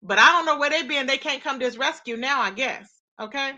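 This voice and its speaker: A woman with a high, bright voice talks straight to her viewers in a casual vlog. She tells her side of a story with animated indignation and keeps punching her points with quick "okay?" asides. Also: dull audio. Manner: emphatic repeated tag questions. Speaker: YouTuber.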